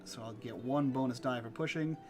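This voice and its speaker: A man's voice: mid-range voice, fairly quick, over music. A man playing a tabletop role-playing game, chatting loosely and explaining the rules. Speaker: player. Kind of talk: casual tabletop game chat.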